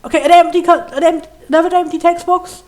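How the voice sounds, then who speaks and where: High-voiced woman chatting over a game. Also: fairly even intonation, fast, a little mellow. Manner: chatty, rambling, full of "like" and restarts. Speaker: let's play host. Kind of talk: casual gameplay commentary. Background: faint game music.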